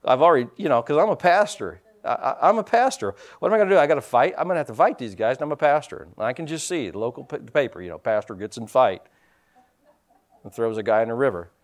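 A man pastor preaching a sermon in a conversational way, dropping in frequent amens and moving between quiet asides and louder emphatic points. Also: mid-range voice, animated, quick pace.

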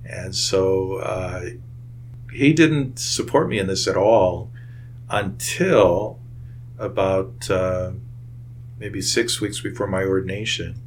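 Deep-voiced earnest priest recalling his family. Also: a little hiss or hum. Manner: earnest, measured, with hesitant fillers. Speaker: priest and church office director. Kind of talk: reflective interview recollection.

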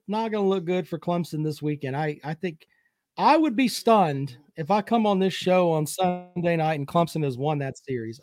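A man's voice: a little high, a little mellow, no room sound, studio quality. A man hosting a casual sports chat show, reading viewer comments and joking with profanity and trash talk.

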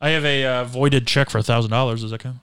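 Young male co-host, gravelly, dry close sound, blunt teasing humor. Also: mid-range voice, quick pace, no room sound. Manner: blunt, teasing, deadpan jokes. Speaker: podcast co-host. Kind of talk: casual chat.

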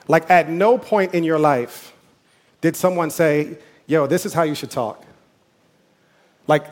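Man, pastor, sermon, conversational preaching, a little high-pitched. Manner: conversational preaching with asides and quoted voices.

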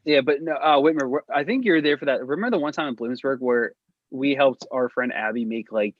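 Co-hosting a laid-back podcast with friends, a young man rambles through his stories, restarting often and leaning heavily on fillers. He speaks fairly quickly in a mid-range voice, and the sound is lo-fi.

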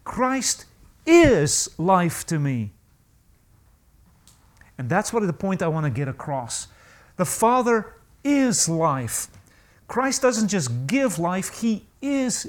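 A man preaching a sermon, emphatic, asking the congregation rhetorical questions and slowing down to stress key phrases. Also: high-pitched.

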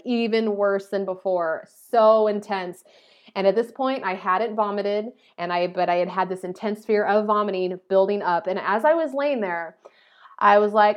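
A young adult woman vlogging, telling a personal story in a chatty, animated way and often saying "like". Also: mid-range voice, smooth. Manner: animated, chatty, heavy use of "like".

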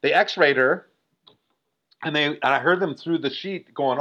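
A man in his forties telling a story in a casual, animated way, full of "like" fillers. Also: on the high side, unhurried. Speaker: guest. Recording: dull lo-fi recording.

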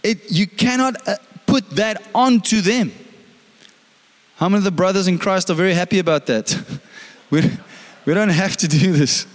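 A man's voice: sits high, normal speed, long pauses, big-room sound. A male pastor preaching a sermon in a conversational way, often putting questions to the congregation.

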